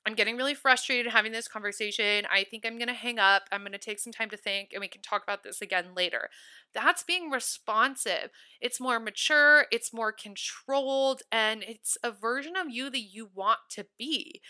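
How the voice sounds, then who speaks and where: A woman's voice: fairly high pitch, pushed and bright, clear, resonant tone. A young woman in her twenties hosting a solo podcast, chatty and upbeat, full of "like" fillers. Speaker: podcast host. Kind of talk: casual solo podcast talk.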